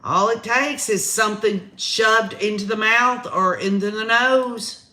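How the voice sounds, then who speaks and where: A woman's voice: a little high, unhurried, bright, forceful tone. A woman with a Southern American accent hosting a casual livestream, chatting straight to her viewers. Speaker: livestream host. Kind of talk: casual live commentary.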